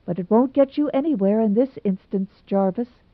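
A woman voicing a level-headed young woman teacher, giving advice in a brisk, cool, sensible way. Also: medium pitch, no room sound, voice pushed up, close to an everyday voice. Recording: tinny phone-like sound, dry.

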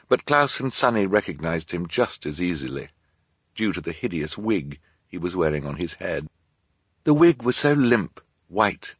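A man narrating an audiobook in a dry, measured storytelling manner. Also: on the low side, breathy edge, no room sound.

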